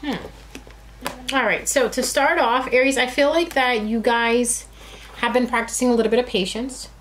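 A woman's voice: a little high, steady tone, normal speed, fairly bright tone, slight background noise. A woman giving a casual, chatty tarot reading who talks to her cards and addresses her viewers directly. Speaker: tarot reader.

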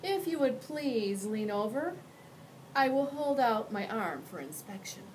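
A woman's voice: fairly high pitch, expressive, unhurried, slight background noise, low-quality recording. A woman voicing a prim, well-groomed male monster who speaks politely and fussily. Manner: polite, fussy.

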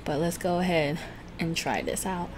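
A woman's voice: on the low side, animated, noisy background. A woman hosting a casual eating vlog, chatty and laughing often, tripping over her words a little. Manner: chatty, laughs often, self-conscious about talking fast. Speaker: food vlogger host. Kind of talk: casual mukbang chat.

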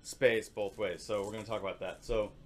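A man's voice: fairly low pitch, brisk, heavy background noise. Man teaching percussion, sung rhythm syllables. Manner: explains calmly, with sung rhythm syllables and many fillers. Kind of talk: instructional demonstration.

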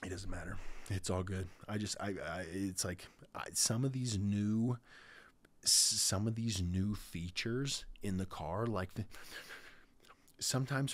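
A man in his thirties hosting his podcast, talking in a rambling casual monologue full of restarts. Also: fairly low pitch. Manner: rambling, with many restarts and stammered starts. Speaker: podcast host.

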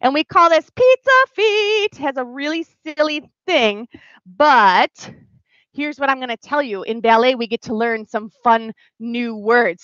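Bubbly high-voiced woman teaching kids ballet. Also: dry recording, dull audio. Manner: sing-song, animated, talking to small children. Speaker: children's dance teacher. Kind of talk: pre-recorded kids' ballet class.

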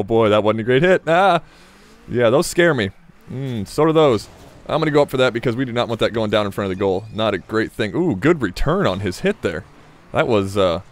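A man with a slight Southern US accent giving rambling, self-mocking commentary while playing a game, breaking into sudden excited yelps. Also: medium pitch. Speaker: gaming YouTuber. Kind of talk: casual gameplay commentary.

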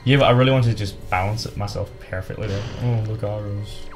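A man's voice: lowish voice, fairly quick. A man co-hosting a video game let's play, bantering casually, humming and joking. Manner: playful, hums tunes and jokes.

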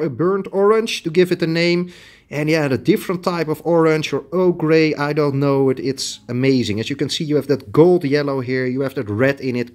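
A man's voice: mid-range voice, darkish tone. A middle-aged man with a Dutch accent, a tailoring shop owner chatting bluntly as he shows fabrics to the camera. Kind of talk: casual product showcase.

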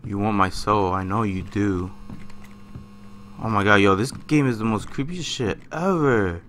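A young man commentating a horror game, jumpy and swearing constantly, yelling and laughing when startled. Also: on the low side, unhurried, background noise. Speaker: gamer.

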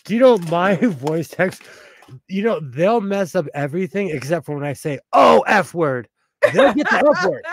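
A man's voice: high-pitched, sing-song, moderate pace. A man from the United States chatting casually, joking around and laughing a lot. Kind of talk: casual chat.

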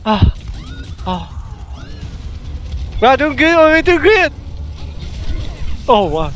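High, lively man yelling at teammates. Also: slow, faint music behind. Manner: shouts and pleads to teammates, repeating himself; broken English phrasing. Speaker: gamer streaming team play. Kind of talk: excited gameplay chatter.

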